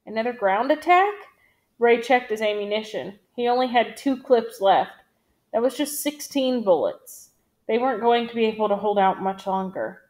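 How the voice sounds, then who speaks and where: A woman reading a novel aloud in a steady, measured storytelling manner. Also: on the high side. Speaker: audiobook reader.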